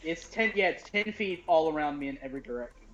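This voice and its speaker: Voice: mid-range voice, lively intonation, fast, a bit bright. A player in a tabletop game on a voice call, hesitant and full of restarts, who bursts out in squeamish reactions. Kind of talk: casual tabletop game chat.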